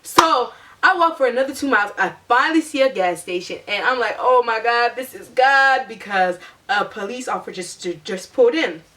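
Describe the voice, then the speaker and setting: A woman's voice: fairly high pitch, brisk. Chatty young woman, slightly distant mic. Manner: chatty, animated, peppered with "like". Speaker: vlogger telling a personal story. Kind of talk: casual storytime monologue.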